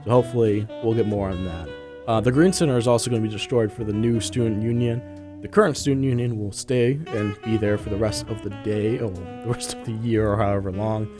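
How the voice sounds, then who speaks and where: A man's voice: on the low side, steady tone, a little fast, music in the background. A young man hosting a student radio podcast, short of breath and congested, chatting loosely with many fillers before reading the news. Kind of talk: casual chat, then news reading.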